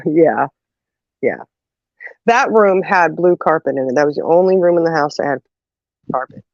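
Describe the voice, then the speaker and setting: A woman's voice: low-pitched, moderate pace, no room sound. A woman hosting a casual chat, telling family stories with lots of laughter and "you know"s, acting out the voices of the people in them. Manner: lively storyteller who acts out quotes, laughs often, says "you know" a lot. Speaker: host. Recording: dull, muffled audio.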